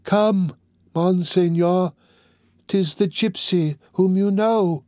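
Man doing a high, strained deaf hunchback, urgent and pleading, dry close mic. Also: slow, mellow, no echo. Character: deaf hunchbacked male bell-ringer, pleading and sorrowful.

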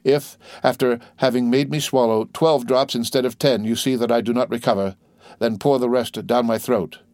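A man's voice: mid-range voice, fairly even intonation, moderate pace, darkish tone, no echo, natural voice. Man voicing a frail dying old priest. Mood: weak, urgent. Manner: faint, fading, at times whispered.

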